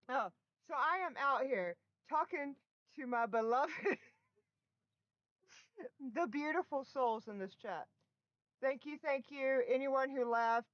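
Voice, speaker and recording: Recorded through a laptop's built-in mic, a middle-aged woman with a slightly high voice chats with viewers on a laid-back home live stream, frequently giggling and erupting into laughter. The audio is muffled, with no room sound.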